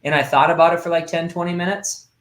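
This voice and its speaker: A man's voice: a little high, level tone, fast talker, a bit bright. A man in his thirties talking casually in a podcast conversation, rambling with lots of fillers and restarts. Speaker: podcast host. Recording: roomy echo.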